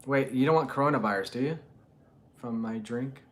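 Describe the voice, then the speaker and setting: A man's voice: medium pitch, moderate pace. A man from Jordan and Palestine hosting a casual Quran talk, thinking aloud with many fillers and restarts. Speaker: religious channel host. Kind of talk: casual live chat and Quran commentary.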